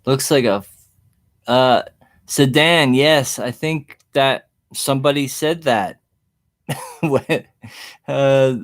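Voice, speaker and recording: A man chatting casually on a livestream, rambling and easygoing as he reads the chat, recorded through a webcam mic indoors. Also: medium pitch. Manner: rambling and easygoing, chuckles often.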